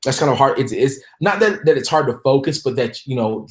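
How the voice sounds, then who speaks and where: A man's voice: mid-range voice, expressive. Guest, man, stop-start talker who restarts his sentences a lot. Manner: halting, many restarts and fillers. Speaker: podcast guest. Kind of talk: casual podcast conversation.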